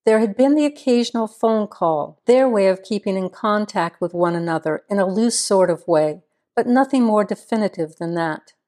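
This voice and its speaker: A woman narrating a small-town crime novel in a measured storytelling manner. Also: medium pitch, a little mellow. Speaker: audiobook narrator. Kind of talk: scripted narration.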